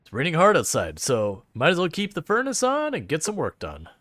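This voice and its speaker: A man's voice: fairly high pitch, huge pitch swings, fairly quick, fairly bright tone. A man live-streaming a game, chatting casually and rambling with sarcastic asides to his viewers from a home setup. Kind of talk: casual live-stream chat while playing.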